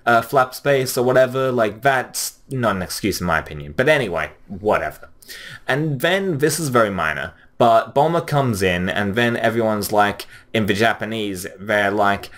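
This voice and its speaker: A man's voice: medium pitch, a bit bright. A man hosting his own anime review channel, talking through it in casual solo commentary, rambling with lots of fillers and casual swearing.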